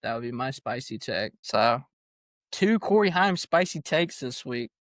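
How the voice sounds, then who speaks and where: A man's voice: mid-range voice, animated, unhurried, fairly bright tone, no room sound. A young man co-hosting a casual sports podcast, joking and laughing often as he talks. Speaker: podcast co-host.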